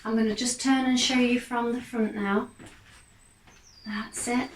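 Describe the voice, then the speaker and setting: Calm woman coaching a chair workout. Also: a little high, a little hiss or hum. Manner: calm, encouraging, unhurried cues. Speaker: fitness instructor. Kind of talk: guided exercise class instruction. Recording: echoey room, mic far off.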